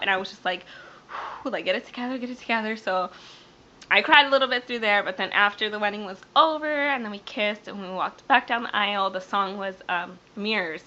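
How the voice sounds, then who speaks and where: A young woman vlogger talks to camera, teary and close to crying as she rambles through a personal story full of fillers, restarts and breaks. Her mid-range voice is bright and sharp, and the dull, lo-fi sound suggests a webcam.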